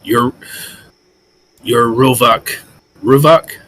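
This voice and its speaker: A man's voice: medium pitch, drawn-out words, fairly bright tone, low-quality recording. A man voicing a stern male giant guard who speaks in short, accusing sentences.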